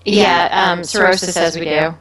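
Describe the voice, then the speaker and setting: A woman's voice: lowish voice, fairly even intonation, moderate pace, a bit bright. A woman co-hosting a casual gaming podcast who passes along comments from the chat room and laughs easily. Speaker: podcast co-host.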